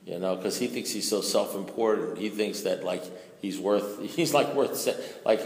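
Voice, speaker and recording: A man sharing his story as a recovering alcoholic at a recovery meeting, in a conversational way full of "you know"s that rises to loud bursts. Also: deep voice, moderate pace, few pauses. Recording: echoey hall reverb.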